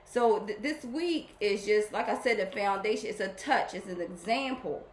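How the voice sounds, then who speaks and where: A woman hosting a spiritual program, talking casually and warmly to her followers, often repeating herself as she rambles. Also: mid-range voice, normal speed, reverberant, slight background noise.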